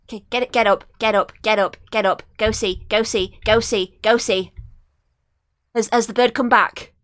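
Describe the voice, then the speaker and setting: A woman's voice: on the high side, fairly even intonation, normal speed, a bit bright, dry recording. A woman streaming a game live, reacting emotionally and exclaiming at the screen, teary and near crying.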